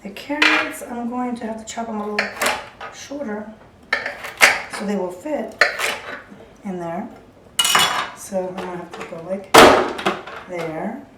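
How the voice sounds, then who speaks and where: A woman's voice: mid-range voice, measured pace, long pauses, far from the mic, very noisy. A woman chatting casually as she cooks in her home kitchen, talking through each step as she works. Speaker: home cook. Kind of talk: casual cooking demonstration. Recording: echoey kitchen, voice from off-mic. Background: clattering dishes, utensils and drawers.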